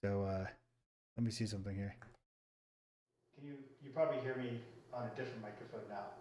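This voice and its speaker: A man on a live stream, chatting casually to viewers as he sets up a small robot, getting excited and talking through every step. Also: lowish voice, brisk, a little hiss or hum. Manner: excitable, talks to viewers while fiddling with a robot. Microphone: computer mic, second mic added.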